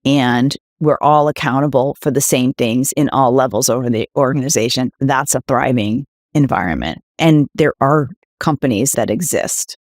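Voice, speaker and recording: A woman's voice: a bass voice, normal speed, few pauses, a little mellow, no echo, clean studio sound. A middle-aged woman executive, a guest in an interview, speaking emphatically and asking rhetorical questions. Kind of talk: candid interview conversation.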